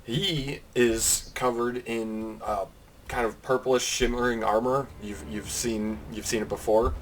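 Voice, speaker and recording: A man's voice: mid-range voice, steady tone, measured pace, a little hiss or hum. A man running a tabletop game as game master, describing scenes and apologizing for tech trouble.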